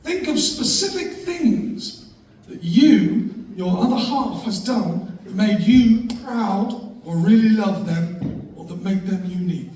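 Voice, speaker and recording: A man's voice: high voice, expressive, slow pace, darkish tone. A man giving a humorous speech to a live audience, telling jokey anecdotes about his wife and laughing along as he goes. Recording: echoey room from far off, faint noise.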